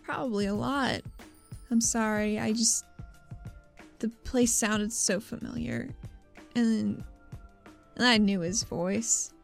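A woman voicing a quiet, guilt-ridden young woman in a tabletop game, talking hesitantly and trailing off. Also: a little high, slow pace, creaky, long pauses, soft background music. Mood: wistful. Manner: hesitant, soft-spoken, trailing off.

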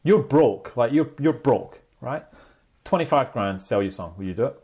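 A man's voice: mid-range voice, expressive, warm tone. A man hosting a podcast, steering the chat and reading quotes aloud. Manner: leads topics, reads quotes aloud, quick reactions. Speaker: podcast host.

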